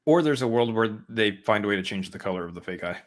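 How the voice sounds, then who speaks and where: A man's voice: on the low side, lively intonation, quick pace. A man co-hosting a movie podcast, chatting casually and throwing in teasing jokes. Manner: jokey, teasing asides. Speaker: podcast co-host. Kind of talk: casual chat.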